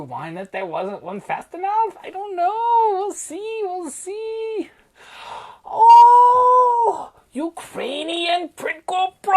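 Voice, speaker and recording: Woman, very high voice, slow drawl, satirical news podcast host, playful, sarcastic, sing-song. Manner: slips into clipped broken-English mock voices.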